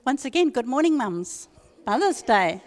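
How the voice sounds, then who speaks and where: An older woman, giving a humorous storytelling talk as guest speaker and telling her anecdotes in a lively, animated way. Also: high-pitched, moderate pace. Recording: long reverb of a large hall.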